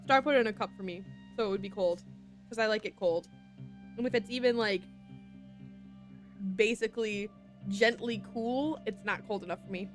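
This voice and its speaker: A woman's voice: mid-range voice, normal speed, long pauses, soft background music. A woman streaming a video game in a casual chat, talking to herself and laughing at her own slips.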